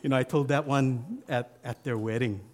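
A man's voice: mid-range voice, normal speed. Man, pastor, storytelling sermon, chatty asides and restarts.

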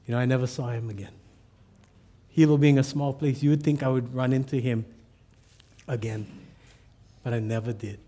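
A man's voice: mid-range voice, steady tone, normal speed, pauses often, mellow. A man, an assistant pastor, telling a personal story in a sermon with self-deprecating humor.

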